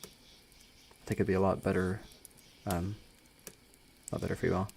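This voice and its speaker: A man's voice: low-pitched, level tone, moderate pace, gravelly, a little mellow, a little hiss or hum. A young man with a dry throat reading a story aloud on a live stream, chatty and joking between passages. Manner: casual, joking, chatty asides.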